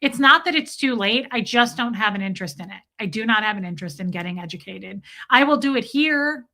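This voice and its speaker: Livestream host, woman, higher bright voice, candid and self-deprecating, fields chat questions. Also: lively intonation, brisk. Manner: candid, chatty, self-deprecating, thanks viewers by name. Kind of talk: casual livestream Q&A, reading and answering chat.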